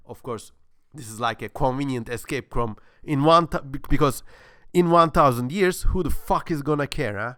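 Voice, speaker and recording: A man's voice: medium pitch, moderate pace, fairly bright tone, no echo. A man presenting a casual history talk, rambling with many fillers and crude humor, with a sore throat.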